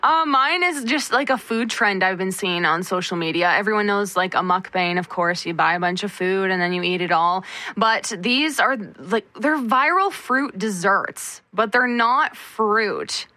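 A woman's voice: medium pitch, unhurried, pushed and bright, dry recording. A woman co-hosting a radio show, chatty and a bit hesitant in casual talk.

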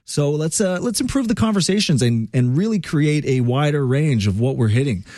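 A man's voice: a little high, expressive, moderate pace, warm tone, dry recording, clean studio sound. A man hosting a talk radio show, ranting in a conversational, opinionated way with fillers.

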